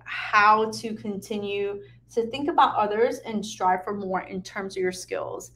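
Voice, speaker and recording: A woman who works as an occupational therapist, giving candid career advice in a frank, emotional way and swearing now and then. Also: medium pitch. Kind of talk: candid unscripted advice talk.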